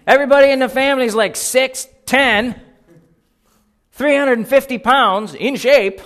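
A middle-aged man preaching a sermon in an animated, joking way, acting out little voices as he reads and retells scripture. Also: very high-pitched, normal speed.

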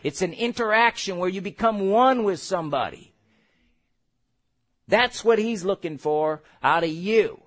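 High-voiced animated male preacher. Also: unhurried. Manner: animated, acts out quotes, laughs. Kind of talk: sermon.

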